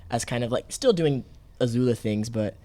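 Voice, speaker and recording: A man's voice: medium pitch, normal speed, warm tone, no echo. A man co-hosting a podcast in casual chat, hesitant, repeating words and laughing easily. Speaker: podcast co-host.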